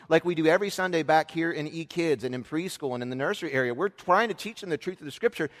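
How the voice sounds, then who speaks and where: A man in his thirties gives a sermon from the pulpit, his voice sitting a bit high. He speaks in an earnest, chatty way, full of fillers and restarts. His words trail into the long echo of a big church hall. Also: a bit bright. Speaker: pastor. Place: church sanctuary.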